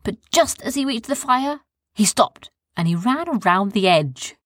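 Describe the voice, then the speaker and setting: A woman telling a children's bedtime story in a calm, soft, descriptive way. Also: fairly high pitch, a little slow, dry recording, clean studio sound.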